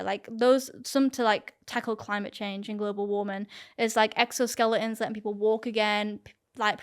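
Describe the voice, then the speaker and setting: A woman's voice: on the high side, clean tone. A young woman talking casually as an interview guest, chatty and earnest with lots of "like". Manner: chatty, heavy use of "like", earnest. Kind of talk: casual talk to camera.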